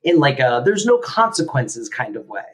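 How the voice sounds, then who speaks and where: A man co-hosting a podcast talks in a loose, thinking-aloud way, with lots of "like" and restarts. His voice is at a middle pitch. He sounds relaxed and conversational. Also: moderate pace, husky. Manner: rambling, many fillers, reflective. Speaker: podcast co-host. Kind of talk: casual conversation.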